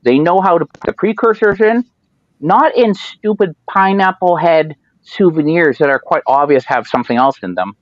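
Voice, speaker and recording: A man's voice: fairly high pitch, animated, normal speed, dry recording. Rambling man with dull lo-fi sound. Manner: rambling storyteller, acts out quoted voices. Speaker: podcast host. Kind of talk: casual chat.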